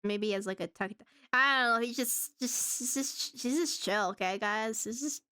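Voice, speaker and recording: A woman's voice: fairly high pitch, moderate pace, sharp tone, clear, resonant tone, no room sound, clean studio sound. A woman streaming live in casual chat, giggling often and rambling with restarts.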